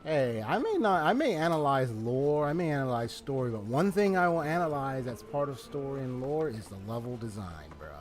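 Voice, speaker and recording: A man's voice: mid-range voice, very animated, normal speed, few pauses. Chatty, slangy man over game music. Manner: chatty, slangy, laughs often. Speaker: gaming YouTuber. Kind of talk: casual let's-play commentary.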